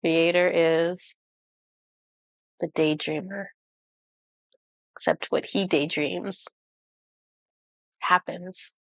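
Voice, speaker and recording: A woman with a cold, reading oracle cards and channeling messages for viewers in a halting, awestruck way with many pauses. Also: on the low side, fairly even intonation, fairly bright tone, no room sound, clean studio sound. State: has a cold. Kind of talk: intuitive card reading to viewers.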